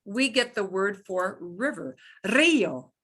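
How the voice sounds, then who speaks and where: A woman teaching a beginners' Spanish class, demonstrating sounds through slow, playful repetition. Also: medium pitch, expressive, a bit bright, breathy edge. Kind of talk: beginner language lesson.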